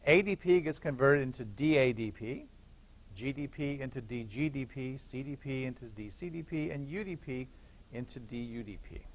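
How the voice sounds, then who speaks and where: A man's voice: medium pitch, moderate pace, slight background noise. Man lecturing on biochemistry. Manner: explanatory, repeats key points, checks with "okay?". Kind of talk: classroom lecture. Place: lecture hall.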